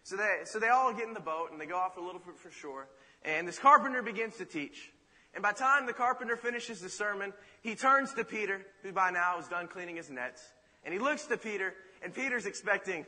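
High, bright-voiced preacher in a hall. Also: male voice, a little fast. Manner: dramatic, animated retelling with rhetorical asides. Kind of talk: sermon storytelling. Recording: reverberant hall.

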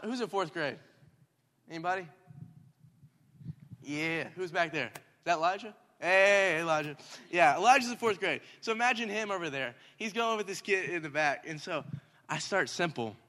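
A young man, a minister, telling a story in a lively sermon and rising to shouts at times. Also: on the high side. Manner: animated, talks in circles, rising to shouts. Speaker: youth minister. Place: church hall. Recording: hall reverb.

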